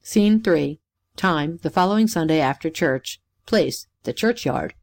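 A woman's voice: low-pitched, animated, unhurried, a little mellow. A woman reading out stage directions in a plain, matter-of-fact way. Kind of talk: play reading.

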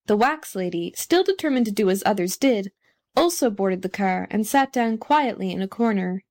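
A woman narrating a storybook audiobook in an even, clear storytelling manner. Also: mid-range voice, normal speed.

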